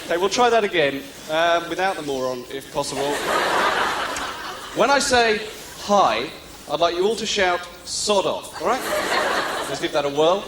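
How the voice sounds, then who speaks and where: A man's voice: a little high, expressive, normal speed, long pauses, echoey room, heavy background noise. A man doing live stand-up in a theatre, teasing the crowd in a sardonic way. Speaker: stand-up comedian. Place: theatre stage. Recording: live theatre recording with loud audience.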